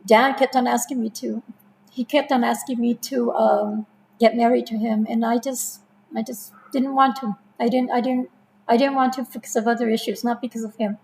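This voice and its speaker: A woman of fifty or more with a New Mexican accent shares a personal story in a high, gravelly voice. She retells past talks with her husband in lively quoted dialogue and often breaks into laughter. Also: moderate pace, slight background noise, rough recording. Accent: New Mexican English. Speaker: interview guest.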